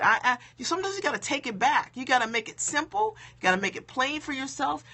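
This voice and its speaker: A woman business coach talking to viewers on a live stream, emphatic and conversational, checking in with "okay?" and "right?", a bit low-key because it is late. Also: very animated, quick pace, few pauses, pushed and bright, husky. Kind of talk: motivational live stream talk.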